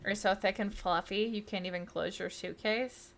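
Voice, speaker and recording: A woman streamer chatting casually with her viewers, excitable and talkative, loudly greeting people in chat. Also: medium pitch, normal speed, vocal fry, a little hiss or hum. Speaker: streamer host.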